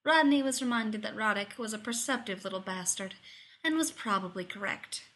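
A woman reads a story aloud in scripted narration. She keeps a steady, even delivery, and her voice is bright and forward. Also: medium pitch, normal speed. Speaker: story reader.

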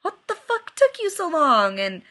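A woman's voice: high-pitched, very animated, unhurried, pitched above the performer's own voice, full character voice. A woman reading aloud and voicing a cocky, crude young man who teases his friend. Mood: mocking. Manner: loud, mocking, swearing freely.

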